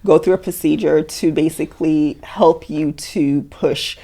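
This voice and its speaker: A young woman telling her story as a guest in an interview, speaking softly with many fillers and quoted dialogue. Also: deep voice, steady tone, measured pace. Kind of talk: emotional personal interview.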